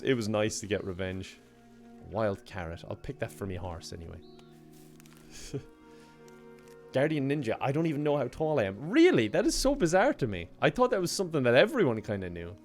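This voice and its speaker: An easygoing young Irish man talks to his chat during a game stream, reading and thanking viewer messages. His voice sits at a middling pitch and he laughs easily. Faint music plays in the background. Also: a little mellow. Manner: laid-back, reads out and thanks chat messages, laughs often. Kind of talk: casual live-stream chat.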